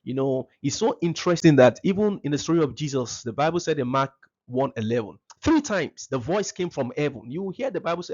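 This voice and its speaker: A man's voice: fairly high pitch, very animated, fairly quick, darkish tone, dull audio. A man giving a seminar talk to parents, emphatic and repeating his key phrases.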